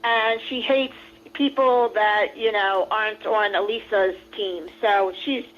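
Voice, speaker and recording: A woman's voice: mid-range voice, fairly even intonation, slow pace, dull audio. A woman calling into a livestream, ranting indignantly and repeating herself. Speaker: call-in guest. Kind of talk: heated ranting on a stream call.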